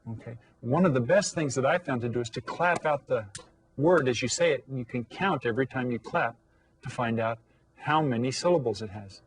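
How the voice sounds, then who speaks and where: A male elementary Spanish teacher giving a video lesson to children. He repeats each word slowly, checks that they follow along, and calls out lively classroom commands. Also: mid-range voice, a little hiss or hum. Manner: patient, repeats words slowly and checks understanding.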